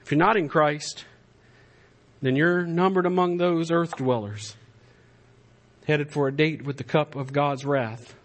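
A man preaching a sermon in a church, swinging from impassioned raised-voice exhortation to soft, pleading appeals. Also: on the high side, steady tone, measured pace, long pauses. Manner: impassioned preaching, shouting at climaxes then dropping to a soft plea. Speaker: pastor. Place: church sanctuary.

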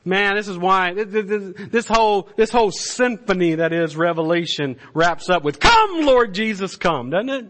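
A man preaching a sermon in a church, swinging from impassioned raised-voice exhortation to soft, pleading appeals. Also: high voice, normal speed, few pauses. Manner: impassioned preaching, shouting at climaxes then dropping to a soft plea. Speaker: pastor. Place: church sanctuary.

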